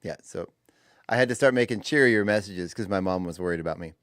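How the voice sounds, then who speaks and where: A man co-hosting a morning radio show chats casually, laughs easily, and reads news items aloud with small restarts. His voice is deep, quick, fairly bright, and smooth, recorded with studio quality and no echo.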